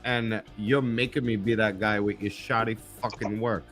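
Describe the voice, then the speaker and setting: A man hosting a casual live chat, telling stories in a blunt, profane, animated way. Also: fairly low pitch, moderate pace, music in the background. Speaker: host.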